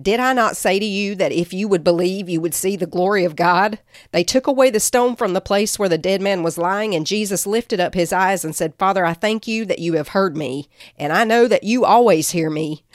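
A woman's voice: medium pitch, no room sound. Woman doing a bible teaching, earnest, dry close sound. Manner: earnest, reads scripture aloud with emphasis. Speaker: podcast teacher. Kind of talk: devotional teaching.

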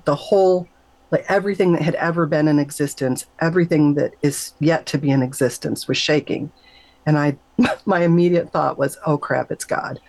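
A middle-aged woman, a nurse, telling an emotional personal story in an interview, animated and emphatic, her voice leaping up whenever she quotes herself. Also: normal speed, dry recording, poor audio. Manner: animated, emphatic, jumps high when quoting herself. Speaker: guest, nurse.

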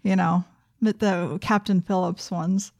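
A woman's voice: fairly low pitch, steady tone, unhurried, gravelly, darkish tone. A woman in her forties co-hosting a podcast, chatting casually in an easygoing way and laughing readily. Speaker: podcast co-host. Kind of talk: casual chat.

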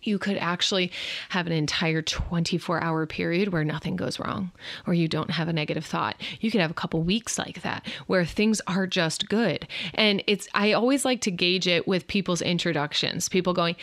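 A woman, hosting her own podcast in an upbeat, expressive, chatty way. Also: mid-range voice, normal speed, dry recording, clean studio sound. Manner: upbeat, expressive, says "y'all". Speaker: podcast host. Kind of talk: casual solo podcast talk.

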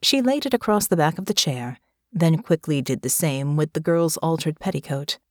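A woman narrating a story with a slow, measured reading. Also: low-pitched, animated, darkish tone, no room sound, clean studio sound. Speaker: audiobook narrator. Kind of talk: scripted narration.

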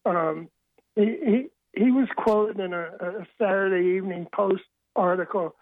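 A man's voice: sits high, unhurried, no echo. Older man telling stories over a phone line. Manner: rambling anecdotal storyteller, frequent restarts. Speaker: author and interview guest. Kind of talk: phone-in radio interview storytelling. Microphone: telephone.

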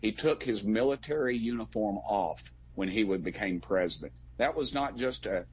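A middle-aged man with a drawl speaks in a deep, husky voice. He talks in a folksy way, stumbling over restarts and growing heated as he goes. He is a guest in a political interview. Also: animated, moderate pace. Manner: folksy, gets worked up. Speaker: congressman guest.

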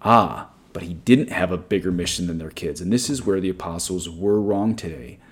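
A man's voice: deep voice, moderate pace. A man preaching a meditative sermon in an earnest, digressive, opinionated way. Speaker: Catholic preacher. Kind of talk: sermon-style guided meditation.

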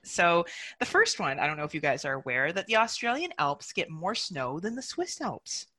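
A woman co-hosting a podcast in casual, animated chat, swearing and laughing often. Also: lowish voice, normal speed. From Canada. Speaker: co-host.

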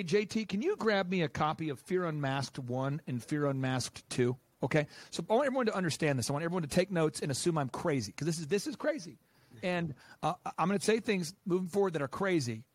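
A man with a notably high voice, fired up and talking in quick, emphatic bursts. He is a guest in an interview, recorded close and dry in a quiet studio. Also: no room sound. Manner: animated, emphatic, rapid-fire. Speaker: guest, business coach and podcast host.

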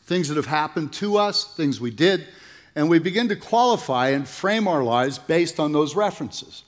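A man's voice: on the high side, animated, moderate pace. An older man in his seventies, speaking as a conference speaker in an earnest, folksy way with repeated phrases. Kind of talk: sermon with prayer and jokes.

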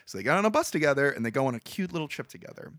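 A man co-hosting a podcast, casually retelling a movie plot in a rambling, animated way, full of fillers. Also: on the high side, racing, dry recording, studio quality. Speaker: podcast co-host.

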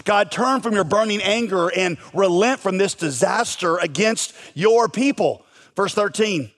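A man preaching a sermon, animated, firing rhetorical questions and acting out the voices in the scripture story. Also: sits high, moderate pace. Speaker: pastor.

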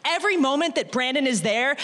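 A woman's voice: high-pitched, a little fast. A woman who once played the game, gushing as a guest on a live panel and filling her talk with "like". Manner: gushing, animated, lots of "like". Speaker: guest, former contestant. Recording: reverberant live venue.

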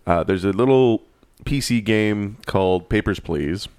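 Wry man with a low voice. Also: measured pace, clear, resonant tone, dry recording. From San Francisco. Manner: relaxed, wry, rambling. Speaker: podcast co-host. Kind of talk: casual chat.

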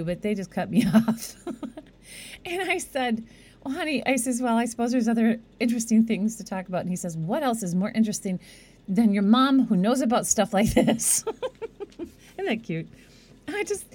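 A woman's voice: medium pitch, mellow. A middle-aged woman hosting a radio show, talking in a chatty, rambling way and laughing often. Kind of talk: casual monologue.

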